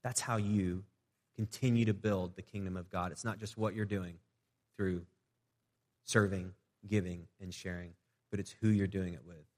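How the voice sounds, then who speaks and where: A man's voice: sits low, fairly even intonation, moderate pace, pauses often, darkish tone. A man preaching a sermon as pastor of a young church, in a conversational way, often restarting phrases and acting out short prayers. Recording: long church reverb.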